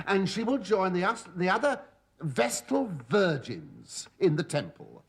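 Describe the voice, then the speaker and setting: An actor playing a cheeky middle-aged slave who tells the audience the prologue with camp, innuendo-laden asides. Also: male voice, sits high, huge pitch swings, unhurried, creaky, slightly rough, heavily acted. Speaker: narrator of the prologue. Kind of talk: sitcom stand-up address. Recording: live studio audience laughter.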